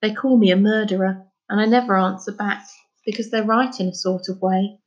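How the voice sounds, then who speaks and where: A grieving middle-aged fisherman father, as a woman reads him aloud from a storybook, unburdening himself in slow, heavy, halting words. His voice sits at a middling pitch. The recording sounds slightly dull and lo-fi. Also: fairly even intonation, lightly acted. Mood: sorrowful.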